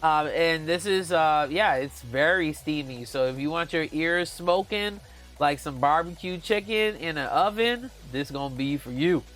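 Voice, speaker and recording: A man's voice: on the high side, a little slow, a bit bright, soft background music. A man chatting casually to viewers on a live stream, gushing and giggly, often calling out to them as guys. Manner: giggly, with playful exclamations. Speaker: book vlogger.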